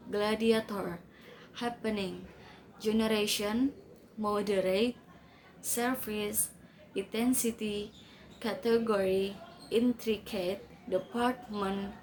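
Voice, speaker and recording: A woman's voice: medium pitch, a little mellow, slight background noise, poor audio. A young woman student giving a class presentation, reading carefully from her notes.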